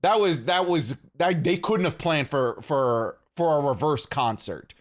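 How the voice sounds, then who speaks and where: A man from Canada chatting on a podcast in a playful, joking manner. His voice sits a little high and swings widely up and down as he talks. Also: measured pace. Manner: animated, playful, jokey. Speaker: podcast co-host. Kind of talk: casual chat.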